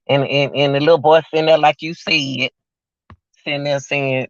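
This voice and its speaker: A man's voice: a little high, fairly even intonation, moderate pace, fairly bright tone, no room sound, lo-fi sound. A man giving emotional, repetitive livestream commentary, talking straight to his viewers.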